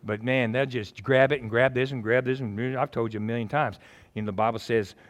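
A man's voice: medium pitch, fairly even intonation, brisk. A man preaching a casual, joking sermon and telling stories in a conversational way.

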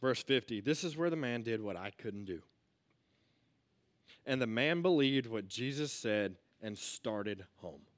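A man giving a casual youth sermon, energetic and full of rhetorical questions, swinging between loud and hushed. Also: medium pitch, measured pace. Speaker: youth pastor.

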